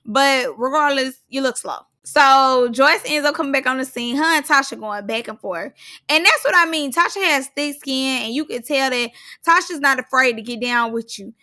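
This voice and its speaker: Bright high-voiced woman recapping. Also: normal speed. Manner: chatty, slangy, acts out quotes from the show. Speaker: reality TV reviewer. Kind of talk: casual recap commentary.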